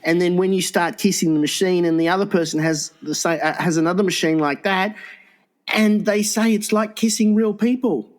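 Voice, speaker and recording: A man co-hosting a crude comedy podcast, excitable, swearing often and laughing a lot. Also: high voice, normal speed. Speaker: podcast co-host.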